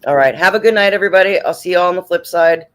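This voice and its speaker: A man's voice: high-pitched, racing, fairly bright tone, clear, resonant tone. Blunt, profane man hosting a livestream. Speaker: livestream host. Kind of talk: casual livestream chat.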